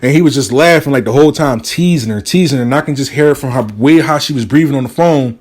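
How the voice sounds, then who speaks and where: A man telling a story casually, animated and profane, acting out the people he quotes. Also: medium pitch, fast talker.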